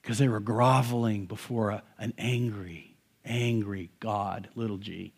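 A middle-aged male pastor preaching a sermon in a conversational, animated way, with touches of humor. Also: fairly low pitch, unhurried, slightly rough.

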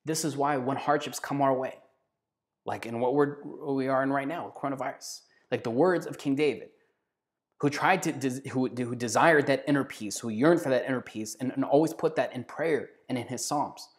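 Male preacher, sermon, earnest, emphatic, drawn-out hushed phrases. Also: mid-range voice. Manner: earnest, emphatic, slows down and drops to a hush on key phrases.

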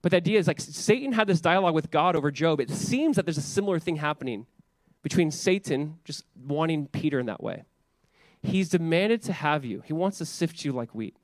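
A pastor in his thirties delivers a church sermon in a casual, conversational way, repeating words and dropping plenty of filler "like"s. His fairly high voice moves briskly with lively intonation, recorded at studio quality with no room sound.

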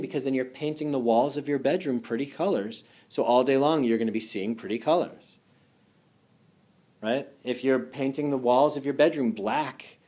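Brief: male energy healer, mid-pitched, earnest casual talk, leans on rhetorical questions and "you know". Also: a little mellow. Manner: earnest, asks rhetorical questions, many fillers.

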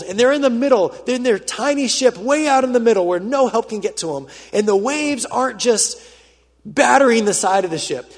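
A man preaching in a church auditorium, his voice sitting high and a little husky. He tells the story with drama, surging loud and then falling nearly silent. A long reverb trails every phrase. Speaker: pastor. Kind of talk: sermon. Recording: reverberant hall.

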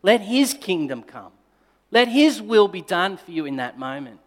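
A male pastor telling a personal story in a sermon, moving between forceful emphasis and quiet, tender passages. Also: sits high, very animated, moderate pace. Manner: dynamic storytelling, swinging between loud emphasis and hushed, tender delivery. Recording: long reverb of a large hall.

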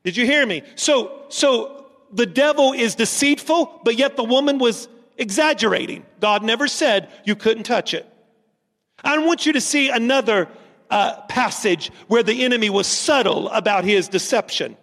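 Preacher, male, high-pitched, emphatic and repetitive, sermon in a church with long reverb. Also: moderate pace, fairly bright tone. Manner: emphatic, repeats lines for stress. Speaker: pastor.

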